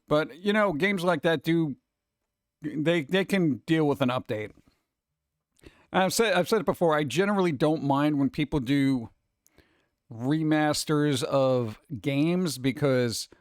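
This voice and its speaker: A man's voice: mid-range voice, dry recording. Casual streamer guy reading chat, rants with rhetorical questions, dead-dry room. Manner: chatty, ranting, rhetorical questions.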